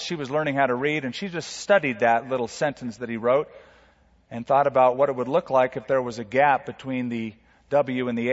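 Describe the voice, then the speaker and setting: Emphatic preacher in an echoing hall. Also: male voice. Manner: emphatic preaching, rising loud for dramatic quotes and dropping soft. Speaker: pastor. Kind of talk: sermon. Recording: reverberant hall, dull low-fidelity sound.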